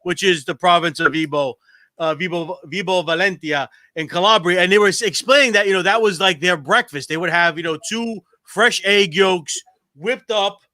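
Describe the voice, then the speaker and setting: A man hosting an interview, asking halting questions with many restarts and repeated words. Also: sits high, pushed and bright, no echo, studio quality. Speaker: host. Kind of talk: casual interview chat.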